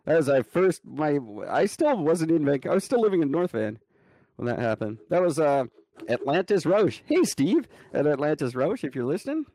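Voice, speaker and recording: A man's voice: on the high side, sing-song, moderate pace, dark tone, no room sound. A man co-hosting a podcast, telling profane, joking stories in casual chat. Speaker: podcast co-host.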